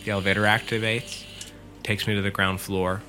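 A man with a deep, bright-edged voice retells a friend's creepy encounter in the first person. He talks casually and swears freely. Faint music plays underneath. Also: level tone, brisk. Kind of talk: casual storytelling.

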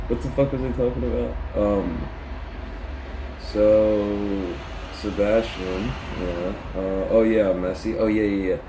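A man's voice: fairly low pitch, steady tone, slow, background noise. A man hosting his own podcast from his messy room, rambling and swearing freely while poking fun at himself, on poor audio. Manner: profane, rambling, self-mocking. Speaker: podcast host. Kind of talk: rambling casual monologue.

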